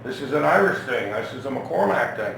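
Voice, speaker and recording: A middle-aged rock singer, being interviewed casually, tells rambling, profane stories full of restarts. His mid-range voice is very animated, brisk, creaky and fairly bright. The recording sounds echoey and distant, with noisy ambience.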